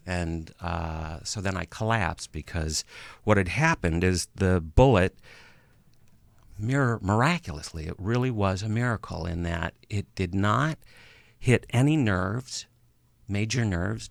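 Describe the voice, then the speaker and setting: A middle-aged man with a deep, gravelly voice recounts a painful personal story as an interview guest. He speaks haltingly, with pauses and restarts, and sounds emotional. The sound is dry and close. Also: no echo. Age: about 50.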